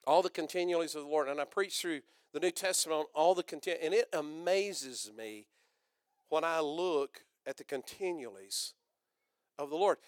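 Older guy preaching loud, high bright voice, dry close sound. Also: dry recording. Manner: loud rousing preaching with calls to the congregation. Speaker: pastor. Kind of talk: sermon.

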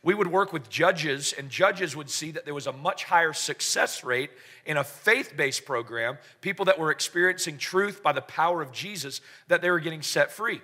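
A man's voice: on the high side, moderate pace, pushed and bright, breathy edge. A man preaching a sermon to a congregation, telling stories with joking asides and call-and-response. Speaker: pastor. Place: church service in front of a congregation.

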